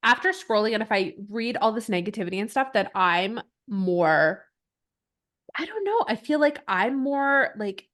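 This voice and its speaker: A woman's voice: medium pitch, sing-song, moderate pace, fairly bright tone. A woman co-hosting a podcast, telling stories in casual chat. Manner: chatty storyteller, laughs while telling stories. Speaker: podcast co-host.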